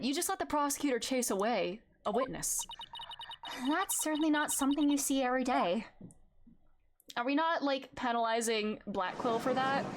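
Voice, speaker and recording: A woman streamer giving casual, excitable, joking commentary while playing a video game. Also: high-pitched, normal speed, noisy background. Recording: loud game music underneath.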